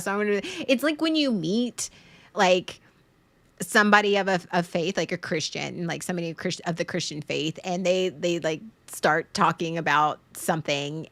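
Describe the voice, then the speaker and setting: Her voice is on the low side and a bit bright, with no echo, as she hosts her podcast. The monologue is frank and emotional, occasionally profane, and it wanders, with restarts and repeated words along the way.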